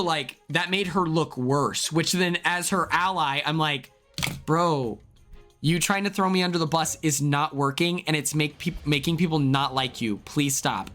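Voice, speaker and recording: A young man from Oklahoma chatting casually on his livestream, rambling with lots of filler words and sudden excited outbursts. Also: on the high side. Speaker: streamer, former reality show contestant.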